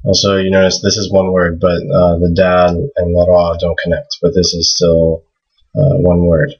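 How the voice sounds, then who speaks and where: Low husky man teaching slowly. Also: highs cut off. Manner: relaxed, thinking aloud with fillers, repeats words slowly to model pronunciation. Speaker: language teacher. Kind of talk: casual explanatory lesson.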